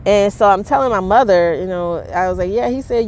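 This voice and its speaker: A woman speaks frankly to her camera in a personal vlog, her voice at a middle pitch. She talks in a halting way, full of fillers and restarts. A faint rumble of traffic sits behind her. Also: darkish tone. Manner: candid, halting, many fillers. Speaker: vlogger.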